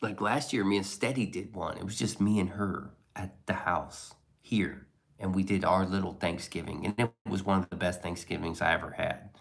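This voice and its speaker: A man with a low, creaky voice talks in a steady tone at a moderate pace. He's a live streamer doing casual chat, reading and answering messages in a laid-back, rambling way and swearing as he goes.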